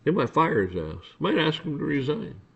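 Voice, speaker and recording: A man's voice: a little high, big pitch swings, moderate pace, creaky, a bit bright, husky, lo-fi sound. A man hosting a casual ranting monologue, blunt and profane, stammering through restarts and acting out his run-ins with officials. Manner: acts out dialogue with officials. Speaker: podcast host.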